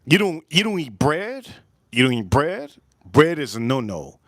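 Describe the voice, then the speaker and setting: A man's voice: on the high side, big pitch swings, a little slow, fairly bright tone, dry recording, clean studio sound. A man hosting a casual whiskey livestream, rambling and repeating himself with joking asides to his chat. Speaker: livestream host reviewing whiskey.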